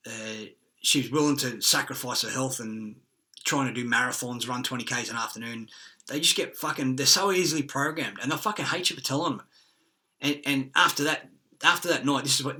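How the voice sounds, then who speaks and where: A man's voice: mid-range voice, sharp tone. A man in a rambling, profane monologue, with many fillers and restarts, acting out quoted lines.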